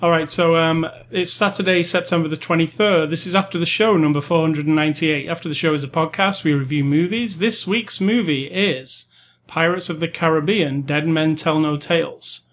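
A man's voice: on the high side, normal speed, a bit bright, slight background noise. A man co-hosting a casual movie-review podcast, easygoing and joking, a bit rambling. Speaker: podcast co-host.

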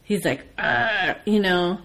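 An American woman chatting casually, telling a lively story and swearing freely. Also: medium pitch, unhurried. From United States. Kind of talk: casual chat.

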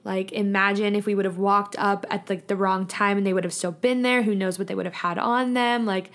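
A young woman talks through a casual solo podcast episode at a mid-range pitch. Her speech is chatty and earnest, full of "like" and loose restarts, and she keeps a reflective tone as she thinks aloud. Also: fairly even intonation, a little fast. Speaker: podcast host.

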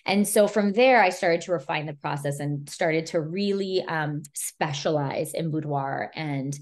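A woman's voice: deep voice, a little slow. A woman photographer as a podcast guest, casually telling stories in a chatty way, full of "like" and "you know" and acting out what people said. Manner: chatty, filler-heavy, retells scenes with quoted dialogue. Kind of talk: casual storytelling chat.

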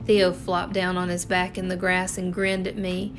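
A woman narrating an audiobook chapter in a steady, even storytelling manner. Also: on the low side, moderate pace, faint music behind.

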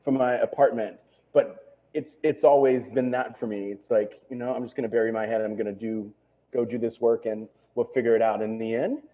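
Middle-aged man, restaurateur guest, quick rambling casual talk full of fillers, phone-line sound. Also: mid-range voice, steady tone. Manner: rambling, full of "you know" and "right?". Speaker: restaurant owner.

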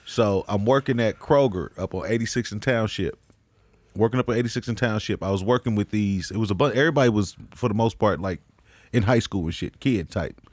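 A man's voice: fairly low pitch, a little fast, darkish tone, dry recording. A man on a casual podcast telling crude, rambling anecdotes with frequent laughter. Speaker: comedian.

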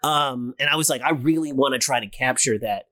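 A man who wrote the audio drama, chatting casually with the cast in an excited, rambling way, often restarting sentences and laughing. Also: mid-range voice, fairly quick, no echo.

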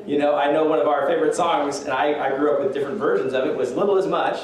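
Man, pastor, conversational sermon, slightly high voice, heavy church echo. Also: steady tone, quick pace, crowd noise. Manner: conversational, self-deprecating with chuckles. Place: church sanctuary. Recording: echoey church room from a distance.

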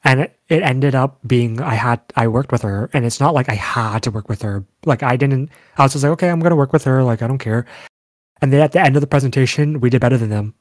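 A young man in casual chat, telling animated stories with lots of fillers. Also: mid-range voice, fast talker, few pauses, no echo. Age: young adult. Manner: animated storytelling, frequent fillers.

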